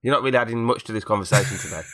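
A man's voice: lowish voice, rapid-fire, fairly bright tone, no echo, clean studio sound. A man with a cold, hosting a podcast in rambling, jokey casual chat. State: has a cold. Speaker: podcast host.

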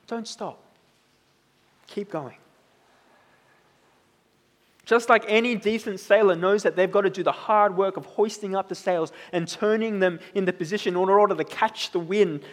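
High-voiced preacher in a reverberant hall. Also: male voice, a bit bright. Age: 30s. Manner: conversational, tag questions like "right?". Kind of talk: sermon.

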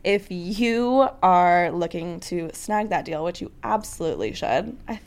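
A woman's voice: on the low side, lively intonation, unhurried. A young woman co-hosting a podcast, reading sponsor and event plugs with teasing enthusiasm. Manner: enthusiastic, teasing, laughs easily. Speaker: podcast co-host. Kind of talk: casual podcast chat and ad read.

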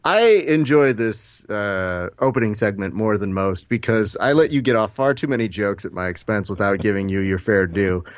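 A man's voice: fairly low pitch, normal speed, few pauses, no echo. A man in his thirties, a podcast co-host, telling stories in casual chat and acting out the quotes, swearing now and then. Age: 30s. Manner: animated storyteller, acts out quotes, swears casually.

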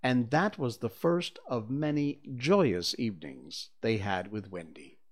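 Unhurried man reading a storybook aloud. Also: mid-range voice. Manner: unhurried and expressive. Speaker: reader of a serialized book. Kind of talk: storybook read-aloud narration.

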